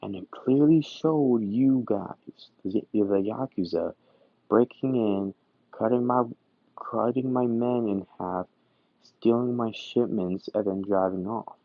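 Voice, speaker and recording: A man voicing a menacing male arms dealer who runs a feared crime ring, speaking calm and slow with quiet threats. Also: on the low side, dry recording. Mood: angry. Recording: dull, dry recording.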